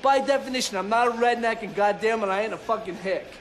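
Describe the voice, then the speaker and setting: Male actor as a cynical young punk from America, high-pitched, profane, ranting, faint noise behind. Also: quick pace, lightly acted. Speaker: punk narrator. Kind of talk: film monologue to camera.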